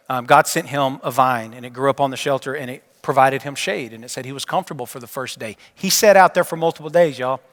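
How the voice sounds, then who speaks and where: A male pastor preaching a sermon and telling a story, his delivery dropping from emphatic to hushed. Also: mid-range voice. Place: church sanctuary. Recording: long church reverb.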